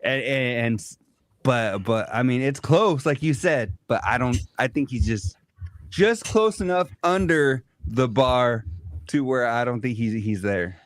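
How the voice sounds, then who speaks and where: A man with a medium-pitched voice speaks in halting, repetitive bursts on a casual podcast. The recording is dry and close. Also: lively intonation, no echo. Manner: halting, repeats words. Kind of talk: casual sports chat.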